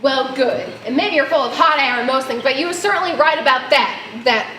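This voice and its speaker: A teenage actress gives a weary, sharp-tongued young woman with a high voice, pointed and exasperated. She is heard from afar in a roomy space, with clear background noise. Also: brisk. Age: teens. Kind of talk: high school stage play. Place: school stage. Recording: roomy, distant mic, noise.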